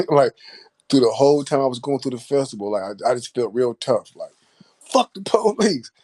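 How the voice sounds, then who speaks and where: Dude telling a story, chill and laughing, lots of cussing, normal pitch. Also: male voice, brisk, warm tone. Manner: laid-back, profane, laughing. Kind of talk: casual storytelling.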